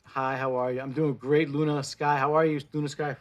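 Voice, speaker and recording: Man, 40s, native Spanish speaker, casual livestream chat, blunt and profane, slightly high voice. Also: little pitch movement, brisk. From Mexico. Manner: blunt, swears freely, pep-talk tone. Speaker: plant-based food vlogger. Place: indoors, live stream.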